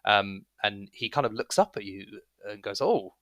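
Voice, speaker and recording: A man's voice: lowish voice, normal speed, fairly bright tone, dry recording. A man narrating as game master, describing scenes in a loose, rambling way with many fillers.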